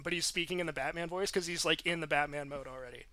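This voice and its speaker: Guy on a podcast shooting the breeze about films, brightish voice, kinda high. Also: fairly even intonation, quick pace. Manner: chatty, swears casually, laughs often. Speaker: podcast co-host. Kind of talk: casual movie chat.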